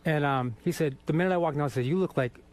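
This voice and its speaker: A man from Boston, a guest in a radio studio, telling profane, animated stories with laughter. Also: on the high side, fast. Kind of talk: casual storytelling interview.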